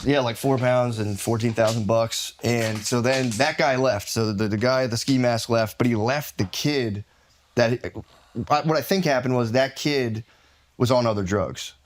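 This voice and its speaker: A man telling a long story as a podcast guest, rambling and animated, acting out the other people in it. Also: medium pitch, unhurried. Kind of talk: casual storytelling.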